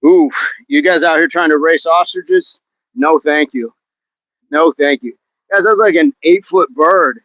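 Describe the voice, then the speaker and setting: A man's voice: a little high, unhurried, a bit bright, no room sound. A man hosting a fitness livestream outdoors, chatting casually and joking as he reads viewer comments. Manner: joking, chatty, laughs often. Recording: dull, dry, lo-fi sound.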